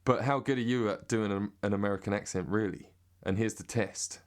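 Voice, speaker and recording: An English man in a rambling, sweary deadpan comic monologue. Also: fairly low pitch, fairly quick. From Britain. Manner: rambling and sweary, drifting into mock accents. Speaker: comedic monologue host.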